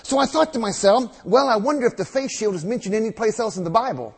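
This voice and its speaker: A man delivers a sermon in a high, breathy-edged voice. He reads verses aloud and drives points home by repeating phrases. The sound carries the long reverb of a large church hall. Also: expressive. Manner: reads scripture aloud, then expounds slowly with emphatic repetition. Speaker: preacher.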